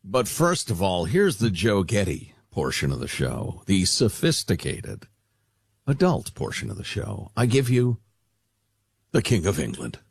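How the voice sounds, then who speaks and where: A man's voice: on the low side, huge pitch swings, measured pace, creaky, slightly rough, dry recording, studio quality. A man co-hosting a talk radio show in playful, joking banter with mock-grandiose asides. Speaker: radio co-host.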